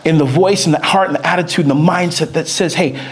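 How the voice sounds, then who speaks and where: Animated preacher man, slightly high voice. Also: fast, slightly rough. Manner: animated, swings between reading scripture and excited storytelling. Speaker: pastor. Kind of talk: sermon.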